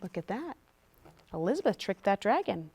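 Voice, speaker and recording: A woman's voice: mid-range voice, moderate pace, slightly rough. A woman reading picture books aloud at a storytime, chatting to the children between pages. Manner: animated, chatty asides to kids. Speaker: storytime reader.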